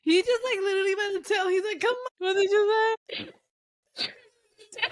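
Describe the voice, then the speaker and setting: A woman's voice: extremely high pitch, steady tone, normal speed, no echo, studio quality. A woman co-hosting a podcast in casual chat, teasing and joking with frequent laughs. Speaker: podcast co-host.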